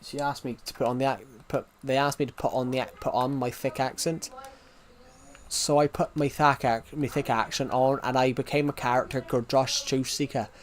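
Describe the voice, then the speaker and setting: A man's voice: mid-range voice, fairly even intonation, moderate pace. Rambling young man, casual chat. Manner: rambling, with frequent restarts. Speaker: streamer.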